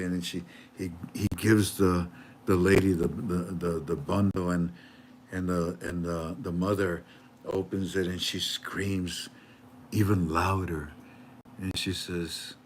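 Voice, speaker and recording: Halting older man telling a story. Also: low-pitched, level tone, a little hiss or hum. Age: 70s. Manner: halting, repeats words while searching for them. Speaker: channel host. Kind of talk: heartfelt storytelling with a religious close.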